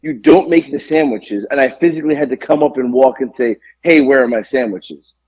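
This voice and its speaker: A man's voice: medium pitch, a little fast, husky, lo-fi sound. A man co-hosting a podcast, telling a long exasperated story full of swearing. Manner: animated, profane, exasperated ranting. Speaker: podcast co-host. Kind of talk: casual storytelling rant.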